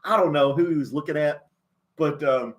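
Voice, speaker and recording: Male host, casual and chatty, quick to laugh; slightly high voice. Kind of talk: casual chat.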